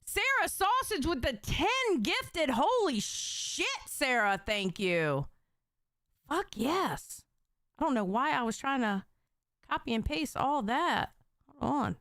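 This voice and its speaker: A woman's voice: high-pitched, very animated, slow, a bit bright, dry recording, clean studio sound. A woman live-streaming, reacting to clips and reading chat in blunt, profane, teasing banter.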